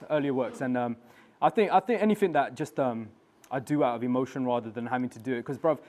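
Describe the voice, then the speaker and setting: Man, rapid speech, mid pitch, slangy animated studio chat. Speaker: artist guest. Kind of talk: casual interview chat. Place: live studio.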